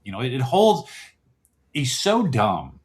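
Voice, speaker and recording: A man's voice: mid-range voice, huge pitch swings, slow pace, breathy edge. A man guesting on a podcast, chatting casually and rambling, often chuckling and poking fun at himself. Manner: rambling, chuckling, self-mocking.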